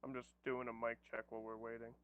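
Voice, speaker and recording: A man's voice: medium pitch, flat delivery, fast, clean tone, no echo, narrow, tinny audio. A man playing a tabletop game over voice chat, easygoing and jokey, laughing often. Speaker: player.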